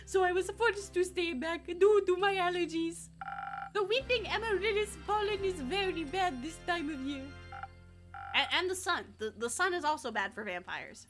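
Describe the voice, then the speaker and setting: A woman's voice: extremely high pitch, expressive, moderate pace, fairly bright tone, soft background music, voice pushed up. A woman voicing a flamboyant, vain male vampire who visits a tavern, reading the game's lines in a theatrical, self-satisfied way. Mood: airy. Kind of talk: reading video game dialogue aloud.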